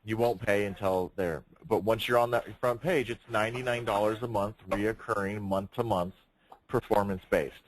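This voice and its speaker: A man's voice: fairly low pitch, fairly even intonation, normal speed. A man leading a sales training session, speaking emphatically, projecting his voice and firing rhetorical questions. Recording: noisy room recording.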